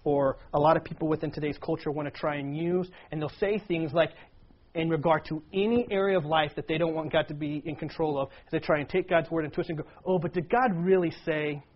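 Earnest, husky-voiced male preacher. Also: fairly high pitch, fairly even intonation, quick pace. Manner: earnest, acts out quoted lines with a raised voice. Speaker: pastor. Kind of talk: sermon. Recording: dull lo-fi sound.

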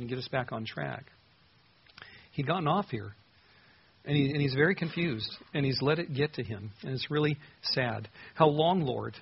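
A man's voice: mid-range voice, vocal fry, breathy edge, highs cut off. A man preaching a sermon, earnestly reading scripture verses aloud and explaining them. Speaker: pastor.

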